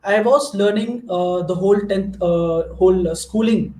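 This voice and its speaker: A man's voice: sits high, a little slow, darkish tone, roomy sound. A man from Maharashtra with an Indian accent, a native Marathi speaker, giving an earnest motivational talk to students and telling small stories. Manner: earnest, storytelling, frequent restarts. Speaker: guest speaker.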